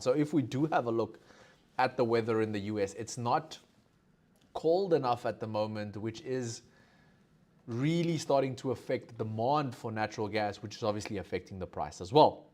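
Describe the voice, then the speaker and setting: At a moderate pace and with a darkish tone, a South African man in a mid-range voice runs a live market analysis stream. He chats casually, uses many fillers and encourages viewers to comment.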